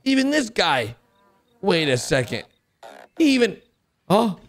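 A young man giving excited reaction commentary on animated videos, with an exclamatory, animated way of talking. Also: high-pitched, unhurried, creaky. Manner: animated, exclamatory, frequent gasps and laughs. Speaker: gaming YouTuber reacting to animations.

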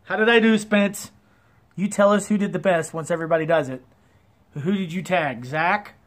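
A man's voice: high-pitched, normal speed. Chatty Ohio man reviewing shaves. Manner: chatty and self-deprecating, rambling asides. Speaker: wet shaving YouTuber. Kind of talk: casual product review. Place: porch at home.

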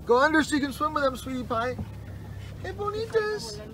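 Excitable high-voiced woman filming a trip. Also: very fast, slight background noise, low-quality recording. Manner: excitable and playful, tosses in Spanish words. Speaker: vlogger filming a family outing. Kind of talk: casual vlog chat while filming. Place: outdoors on a tour boat. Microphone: handheld camera. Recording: loud music and crowd on a tour boat.

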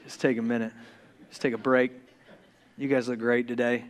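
A man from the Deep South preaching a casual, joking sermon as pastor, who stumbles over his words when excited. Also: a little slow, long pauses. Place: church sanctuary.

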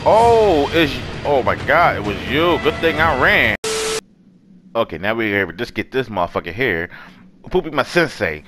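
A young man casually commenting on his gameplay, loud and excitable, cursing and trash-talking the enemies. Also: medium pitch, normal speed, over music. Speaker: gaming channel host.

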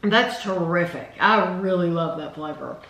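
A woman's voice: on the low side, a little slow, a bit bright. A woman hosting a casual taste test, chatting enthusiastically and reading product descriptions aloud. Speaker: food reviewer host. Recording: roomy echo.

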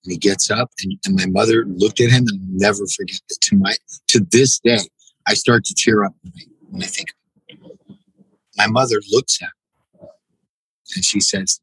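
A man being interviewed on a podcast, telling stories in a halting, reflective way. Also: lowish voice, fairly bright tone, slightly rough, dry recording, low-quality recording. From United States. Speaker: podcast guest, jiu-jitsu black belt. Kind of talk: casual interview, storytelling.

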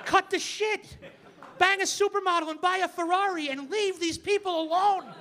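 A man in his forties doing a stand-up set on a club stage, loud and ranting with mocking asides. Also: extremely high pitch, moderate pace, noisy background. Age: 40s. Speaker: stand-up comedian. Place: comedy club stage with audience. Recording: live club recording with faint crowd.

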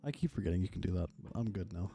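A man playing along as a guest on a gaming stream, quick and playful in his reactions. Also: deep voice, lively intonation, warm tone, soft background music. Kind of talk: casual gaming chat.

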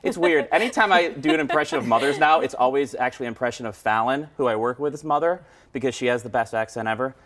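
A man's voice: mid-range voice, quick pace, hardly any pauses, crowd noise. A man in his thirties chatting as a studio guest, telling rambling, teasing stories. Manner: playful, teasing, rambling anecdotes. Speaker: radio host guest. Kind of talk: joking casual chat. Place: TV news studio.

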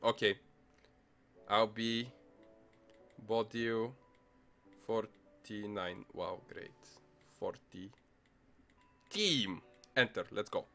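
A young man casually commenting on a mobile game as he plays, excitable, muttering to himself and swearing often. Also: mid-range voice, a little slow, long pauses. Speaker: gaming channel host. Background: faint music playlist.

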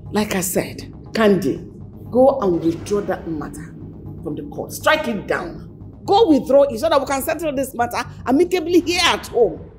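A woman's voice: on the high side, big pitch swings, normal speed, soft background music. An actress with a Nigerian accent playing an older mother who gives her children orders and grows exasperated, in a Nollywood film drama. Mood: commanding. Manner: commanding, exasperated. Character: older mother trying to keep the family peace.

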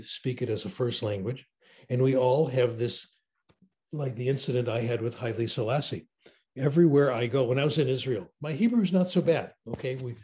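An older man talks with enthusiasm, telling stories in a conversational interview. His voice sits in a middle range. He sounds like he is on a video call. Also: mid-range voice. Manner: enthusiastic storyteller, animated. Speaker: interview guest.

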